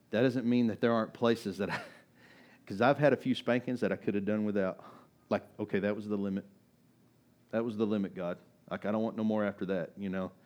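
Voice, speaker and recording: A man's voice: fairly low pitch, a little mellow. A male pastor preaching a sermon in a church, talking in a casual, conversational way and pressing his points with emphasis. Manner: conversational, emphatic, rising to exhortation.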